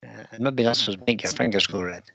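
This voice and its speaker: A man chats casually through a live stream from his workshop and reads viewer comments aloud as they come in. His voice is bright and forward, and it is recorded close and dry with almost no room sound. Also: lowish voice, a little fast, vocal fry, no echo, low-quality recording. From United Kingdom. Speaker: woodturning livestream host.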